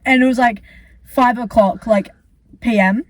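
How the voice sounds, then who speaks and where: A young woman with a somewhat high voice co-hosts a casual chat. She tells long, rambling stories at her own expense. She swears casually as she goes. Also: a little slow, no room sound. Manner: rambling, self-deprecating storytelling, swears. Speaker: co-host.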